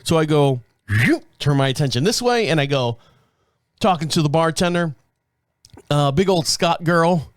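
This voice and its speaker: A man's voice: fairly high pitch, no echo, clean studio sound. A middle-aged man hosting a show, telling rambling stories in casual chat, laughing often and acting out quotes. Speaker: show host.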